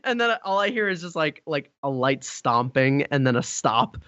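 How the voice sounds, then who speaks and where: A young man tells stories on a podcast with plenty of energy, slipping into quoted voices and laughing along the way. His voice sits high and sounds bright. The recording is dry and a little muffled. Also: moderate pace, few pauses, no room sound. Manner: animated, acts out quoted voices, laughs often. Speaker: podcast guest, voice actor. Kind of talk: casual comedic storytelling.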